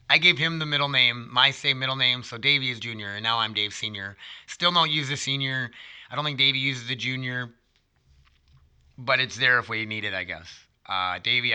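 A man's voice: medium pitch, bright, forceful tone. A man in his thirties talking casually to his viewers, rambling and sidetracking, with frequent swearing and laughing at himself. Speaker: vlogger. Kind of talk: casual rambling monologue to camera.

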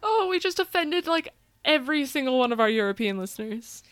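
American woman podcaster, excitable, swears casually, dry mic. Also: sits high, brisk, no echo. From United States. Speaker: podcast co-host. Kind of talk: casual chat.

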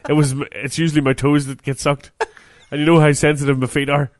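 A man's voice: fairly high pitch, flat delivery, quick pace, no echo. Man bantering on radio. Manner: jokey, rambling, with many fillers. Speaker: radio host.

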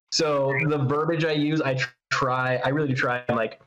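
A man's voice: mid-range voice, fairly even intonation, moderate pace, fairly bright tone, low-quality recording. A man co-hosting a podcast in casual chat, rambling with lots of fillers and the odd curse word. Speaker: podcast co-host.

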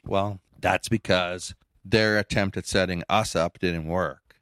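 A middle-aged man co-hosting a podcast in casual chat, blunt and emphatic, his pitch jumping when he presses a point. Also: steady tone, measured pace, a bit bright, clean tone, no room sound, studio quality. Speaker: podcast co-host.

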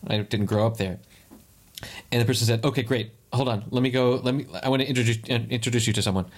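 A man's voice: mid-range voice, fairly even intonation. A man in casual conversation who makes puns and tells a story with many restarts. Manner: wry, punning, halting storyteller. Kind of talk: casual chat and anecdote.

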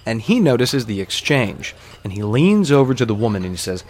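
A man telling a long story in a casual, rambling way, wandering into digressions and scattering fillers as he goes. His voice sits at an ordinary pitch. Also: lively intonation, fast.

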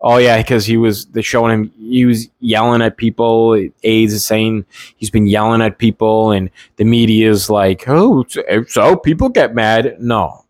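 A man's voice: fairly low pitch, little pitch movement, moderate pace, a little mellow, no room sound. Guy doing a solo rant show, swears a lot, rambles, dry close sound. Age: adult, has nieces and nephew. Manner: blunt, profane, rambling with restarts. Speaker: podcast host. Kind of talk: unscripted solo political rant.

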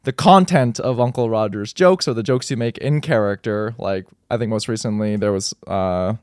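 Measured male interviewer. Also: fairly low pitch, a little mellow, clean tone, no echo, clean studio sound. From United States. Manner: measured, framing questions. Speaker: podcast host, interviewer. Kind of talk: interviewing a guest.

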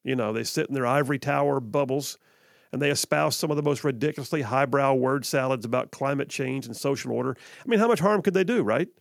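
A man's voice: medium pitch, fast talker, creaky, dry recording. A man hosting a political talk radio show, delivering an emphatic, folksy monologue full of sarcastic asides into a studio microphone.

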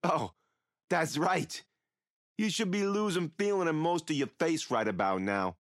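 An actor playing a rambling, mocking killer who taunts a captive priest in an audio drama. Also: male voice, a little high, animated, measured pace, no room sound, studio quality. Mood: taunting.

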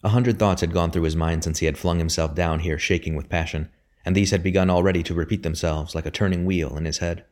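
A man narrating a novel aloud in a measured storytelling manner. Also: deep voice, fairly even intonation, darkish tone. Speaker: audiobook reader. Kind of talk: scripted narration.

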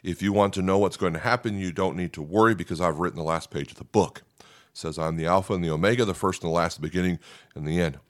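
A man's voice: low voice, fast talker. A man preaching a conversational Bible teaching, often checking in with listeners by asking "okay?". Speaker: pastor. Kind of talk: sermon teaching.

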